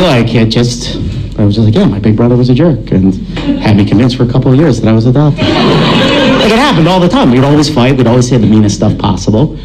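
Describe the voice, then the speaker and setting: A man telling a stand-up comedy story, acting out the voices in it and shouting at the peaks. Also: mid-range voice, rough recording. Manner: animated, acts out voices and shouts.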